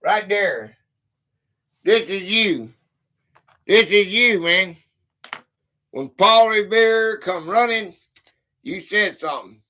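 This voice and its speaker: A man's voice: high voice, lively intonation, slow, pauses often, bright, forceful tone. A man hosting a casual livestream quiz, greeting viewers by name and reading questions aloud. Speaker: livestream host running a quiz. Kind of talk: casual live-stream chat.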